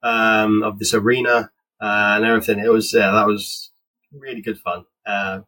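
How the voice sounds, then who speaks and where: Animated man telling stories. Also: lowish voice, normal speed, low-quality recording. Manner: animated, acts out dialogue in quotes, laughs. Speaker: penetration tester. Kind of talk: casual storytelling interview.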